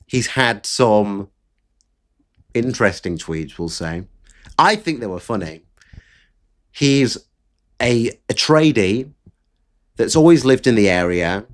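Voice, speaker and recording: A man ranting through his own political commentary, blunt and openly fed up. His pitch rides up and down a lot as he talks. There are occasional faint clicks under his voice. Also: animated, slow, pauses often. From Britain. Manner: blunt, exasperated, sweary.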